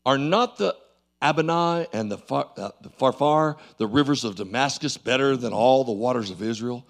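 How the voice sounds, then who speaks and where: A male pastor preaching a sermon in a church, swinging from loud calls to low asides and calling for amens. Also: normal speed.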